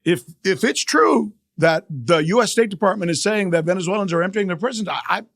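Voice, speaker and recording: A middle-aged male journalist hosting a podcast, giving emphatic, animated news commentary and repeating key phrases for effect. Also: high-pitched, fairly quick, vocal fry, dry recording, clean studio sound.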